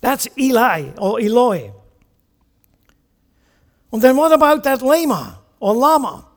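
A man with a high, light voice preaches to his congregation, explaining and emphasizing as he teaches. His words ring out with the long reverb of a large hall. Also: sing-song, slow pace. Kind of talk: sermon.

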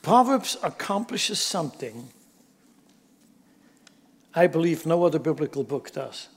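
Guy preaching a sermon, kinda high voice, gets loud then drops almost to a whisper, big echoey hall. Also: very animated, unhurried, slightly rough. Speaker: pastor.

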